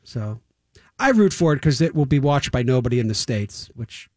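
A man co-hosting a sports radio show, teasing his colleagues with confident, deadpan provocations. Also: medium pitch, normal speed, no room sound, studio quality.

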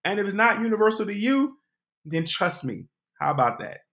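A man hosting a podcast, telling a comic personal story with animated delivery, acting out voices. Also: high-pitched, normal speed. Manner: animated, acts out voices and quotes. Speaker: podcast host.

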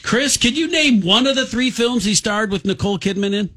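A man's voice: high-pitched, a little fast, noisy background. A man hosting a radio quiz with playful, theatrical banter. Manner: joking, theatrical, loose. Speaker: radio show host.

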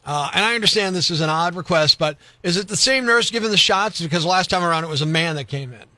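A radio host speaks with a high, bright and forceful voice, pushing his point with an argumentative, deadpan persistence. The studio mic sounds close and dry, with faint music underneath. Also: fast, no echo. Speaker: radio host and prank caller. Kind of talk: radio prank call and news reading.

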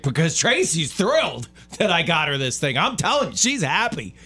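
A middle-aged man co-hosting a playful casual radio chat. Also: a bit bright. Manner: playful, puts on a low crooning voice for jokes. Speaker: radio co-host.

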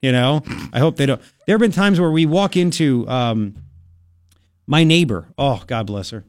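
A man hosting a talk radio show in a studio, excitable and rambling, with lots of exclamations. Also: medium pitch, normal speed, dry recording. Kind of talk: animated talk radio banter.

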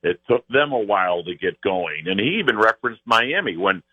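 A man's voice: on the low side, lively intonation, brisk, breathy edge, no echo. A man, a team's radio announcer, giving easygoing sports analysis as a guest on a radio show. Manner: easygoing, storytelling analysis with chuckles. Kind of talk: phone-in sports radio interview. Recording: tinny phone line.

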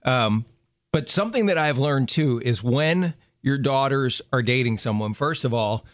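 A man's voice: mid-range voice, animated, unhurried, dry recording, studio quality. A man in his fifties hosting a radio show, talking in an earnest, friendly way. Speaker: radio host. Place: radio studio.

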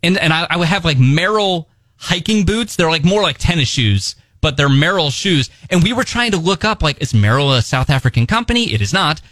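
A man's voice: a little high, lively intonation, a little fast, a bit bright, dry recording. A young man co-hosting a morning radio show, telling a rambling story with lots of restarts in casual on-air chat. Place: radio studio. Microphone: studio microphone.

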